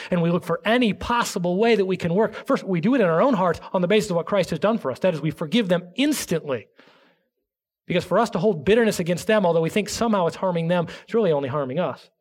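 Reading scripture aloud, a male pastor with a voice on the high side delivers an earnest, emphatic sermon, going quiet and hushed whenever he reaches an important point.

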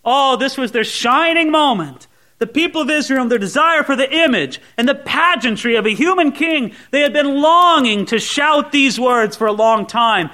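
A male pastor with a high-pitched voice preaches a sermon. He is animated and acts out the scenes, slipping into different voices as he goes. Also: moderate pace.

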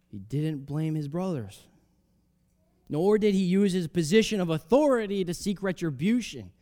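A man preaching a sermon, reading scripture aloud and explaining it in a conversational way, swinging between loud emphatic rises and soft drops. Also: on the high side. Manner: reads scripture aloud, then explains it casually with fillers.

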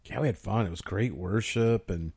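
A man's voice: on the low side, moderate pace, gravelly, a little mellow, husky, dry recording. A man who is a pastor co-hosting a casual chat, talking in a playful, teasing way. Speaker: pastor, podcast co-host.

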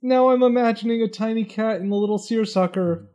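A man chats on a casual podcast in a higher, warm and mellow voice. He is wry and riffs on the jokes, wandering into rambling asides. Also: brisk. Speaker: podcast co-host, quiz contestant. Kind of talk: casual comedic chat.

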